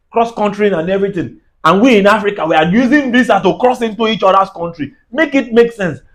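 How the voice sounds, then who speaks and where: A man's voice: high voice, rough recording. A Nigerian man with a Nigerian accent, delivering a heated, preachy comedic rant and laughing at his own jabs.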